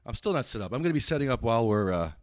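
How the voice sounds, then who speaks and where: A man hosting a casual podcast from a private house, excitable and rambling, quick to get fired up. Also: mid-range voice, no room sound, studio quality. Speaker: podcast host.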